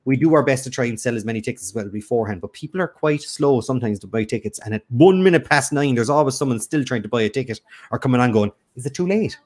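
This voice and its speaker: A man's voice: medium pitch, fast talker, a little mellow. A man co-hosts a live quiz stream in casual, rambling chat. He teases his partner and often restarts his sentences. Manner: teasing, rambling, many restarts. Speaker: quiz show co-host.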